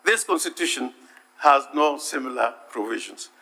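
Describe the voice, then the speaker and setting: A man giving a formal legal submission to a senate, deliberate and emphatic, stressing and repeating key words. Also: mid-range voice, bright, forceful tone. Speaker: counsel addressing the Senate. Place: legislative chamber.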